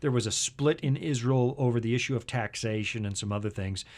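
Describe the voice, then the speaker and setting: A male talk show host at a mid-range pitch, chatting with his co-host in an easy, joking way. He shifts into a confident, firm lecture on scripture and history. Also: a little fast. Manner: jokey, lively storyteller who lectures with conviction. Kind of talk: casual Bible talk show chat.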